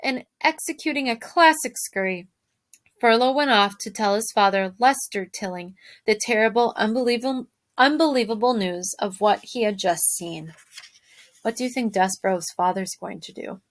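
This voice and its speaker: A woman teacher reading a storybook aloud to her class, expressive and stopping to ask them questions. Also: mid-range voice, normal speed.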